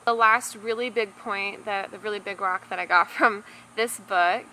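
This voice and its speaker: Young mom vlogger, casual and chatty, loose filler-heavy delivery. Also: female voice, mid-range voice, steady tone, normal speed, bright, forceful tone, slight background noise, low-quality recording. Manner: talkative, many filler words and restarts. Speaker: parenting vlogger reviewing a book. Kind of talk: casual chatty book review to camera.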